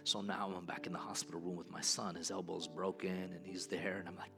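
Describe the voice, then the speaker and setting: Deep gravelly preacher man. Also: little pitch movement, a little fast, over music. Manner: earnest storytelling preacher. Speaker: pastor. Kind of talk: sermon.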